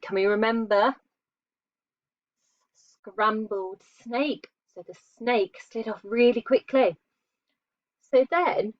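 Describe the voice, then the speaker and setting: A fairly high-pitched woman, a primary school teacher, is heard on a dull, lo-fi, dry recording. While she draws, she gives young children a patient lesson full of questions and praise.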